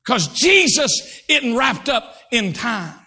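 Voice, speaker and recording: A male pastor preaching a fervent sermon, swinging between shouted lines and hushed, drawn-out words. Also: extremely high pitch, sing-song, breathy edge. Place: church sanctuary.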